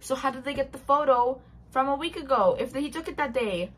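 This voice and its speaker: A woman's voice: sits high, fairly quick, a little hiss or hum. A young woman casually recapping a novel, chatty and gushing, acting out the characters' lines herself. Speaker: book reviewer. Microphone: built-in mic.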